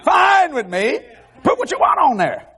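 A man preaching an animated evangelical sermon to a congregation on television, laughing and shouting asides as he goes. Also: very high voice, moderate pace. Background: faint congregation crowd.

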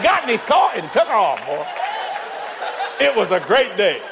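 Over a loud crowd in a very noisy church hall, a middle-aged preacher tells funny stories to his congregation, laughing frequently and impersonating the people involved. He speaks a little slowly in a high-pitched voice with huge swings in pitch.

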